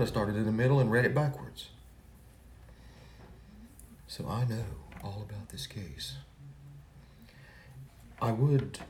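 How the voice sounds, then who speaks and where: A man playing a boastful, self-important true-crime livestreamer who rambles and swings between loud complaints and hushed asides. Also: lowish voice, reverberant, slight background noise. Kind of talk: parody livestream monologue.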